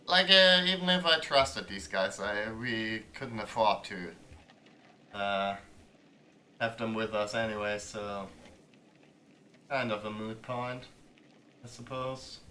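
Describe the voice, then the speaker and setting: A young man streaming a story game, swearing freely and thinking aloud in halting asides. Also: fairly low pitch, pushed and bright, slight background noise. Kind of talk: casual live gaming commentary.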